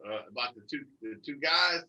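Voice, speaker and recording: A man co-hosting a casual podcast who jumps in with quick jokes and riffs on the story. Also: medium pitch, lively intonation, bright, forceful tone, far from the mic, rough recording. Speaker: podcast co-host. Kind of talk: casual chat. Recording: voice a bit off mic.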